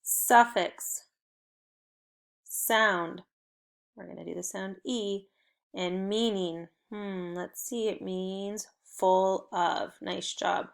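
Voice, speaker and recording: A young adult woman teacher leading a recorded phonics lesson for children, with upbeat, encouraging, clearly paced prompts. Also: mid-range voice, steady tone, very slow.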